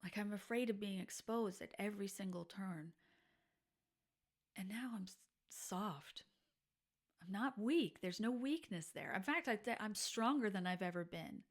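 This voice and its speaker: A woman's voice: mid-range voice, a little slow. Candid woman podcaster, reflective monologue. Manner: candid, reflective, drops to soft breathy whispers at times. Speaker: podcast host. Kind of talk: personal storytelling monologue.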